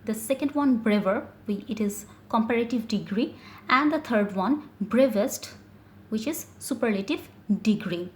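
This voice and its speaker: A woman's voice: on the high side, expressive, measured pace. Echoey woman teaching an online grammar lesson. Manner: explains step by step with many fillers and self-corrections. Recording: echoey room with faint noise.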